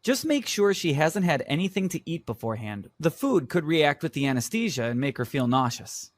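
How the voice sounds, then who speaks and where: A calm, reassuring vet. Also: male voice, on the high side, fairly quick, no room sound. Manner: patient, reassuring, explanatory. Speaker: vet in a scripted exam dialogue. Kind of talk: scripted exam role-play.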